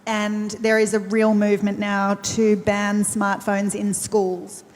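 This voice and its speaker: A woman's voice: mid-range voice, monotone, slow, a little mellow, a little hiss or hum. A woman with an Australian accent, speaking earnestly and personally as a panelist, with frequent restarts. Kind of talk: conversational panel talk. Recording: long reverb of a large event hall.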